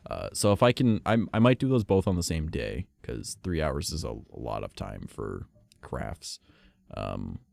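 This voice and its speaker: A man's voice: deep voice, vocal fry, no echo. A young man with a stuffy nose, streaming and rambling casually, swearing and playing mock-offended. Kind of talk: casual chat.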